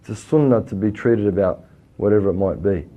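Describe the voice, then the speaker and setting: A man with an Australian accent teaching a religious lesson, lively and full of rhetorical questions, rising loud then dropping quiet. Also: fairly low pitch, brisk. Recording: dull lo-fi recording.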